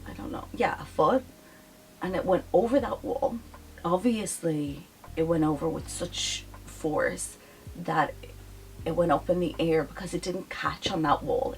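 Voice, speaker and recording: A young woman telling a story to her vlog audience in casual, animated chat, full of "like" fillers. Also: on the low side, slight background noise, poor audio. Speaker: vlogger. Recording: voice a bit off-mic, faint music behind.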